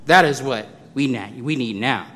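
A man preaching a sermon in a conversational way, moving between low asides and loud, drawn-out emphasis. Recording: long hall reverb.

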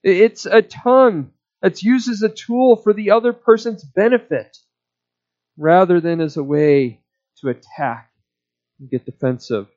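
A man preaching a sermon in a measured, deliberate teaching manner. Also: high-pitched, darkish tone, dull audio. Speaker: pastor.

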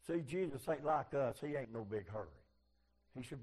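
A man preaching a sermon in folksy, fervent speech, swinging from loud cries to low, quiet passages. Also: brisk. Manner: fervent, rising to loud shouts and dropping low.

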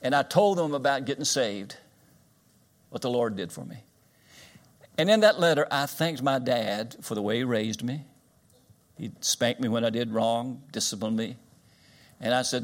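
A man's voice: mid-range voice, expressive, normal speed, long pauses. An older man from Kentucky, preaching a sermon in a folksy, plain-spoken storytelling way.

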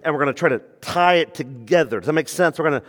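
A male pastor delivers an expository sermon, calling on the congregation for answers and repeating phrases for emphasis. His fairly high voice moves quickly with lively intonation, shifting between quiet asides and raised preaching, all under the long reverb of a large room.

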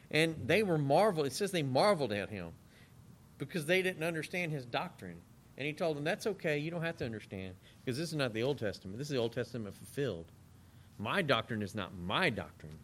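A man's voice: a little high, fairly bright tone. A man preaching a sermon, reading scripture aloud and acting out the scenes in different voices.

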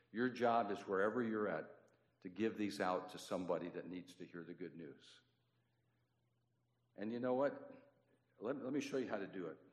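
A man preaching a sermon full of personal stories, swinging between loud and hushed. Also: deep voice. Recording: echoey hall with long reverb.

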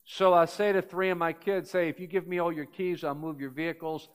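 High-voiced older male pastor preaching. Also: little pitch movement, a little fast, clear, resonant tone. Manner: storytelling, building to emphatic points. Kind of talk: sermon.

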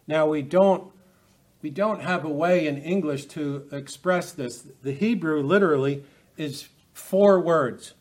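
A man's voice: a little high, unhurried, a little mellow. A man teaching a Bible study lecture, earnest and emphatic, often restarting his phrases.

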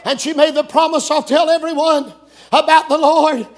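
A middle-aged man preaching a camp meeting sermon, folksy and joking, breaking into shouts. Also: very high-pitched, steady tone, moderate pace. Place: church camp meeting with congregation.

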